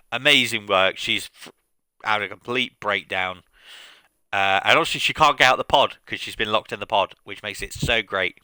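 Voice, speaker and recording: A male gaming streamer chatting casually, retelling storylines in a rambling, animated way. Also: on the low side, clean tone, dry recording. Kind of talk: casual chat recapping storylines.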